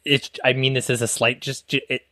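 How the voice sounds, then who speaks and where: A man's voice: mid-range voice, flat delivery, a little fast, sharp tone, no room sound. Joking young man on a podcast. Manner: joking, laughs a lot, teasing. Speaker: podcast co-host. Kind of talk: casual chat. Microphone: studio mic with pop screen.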